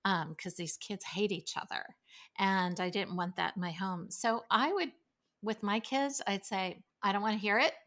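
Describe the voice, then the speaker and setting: A middle-aged woman, a podcast guest, telling family stories in a lively way and acting out her children's voices. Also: medium pitch, unhurried. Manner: animated storytelling, acts out her kids' voices. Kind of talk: casual podcast conversation.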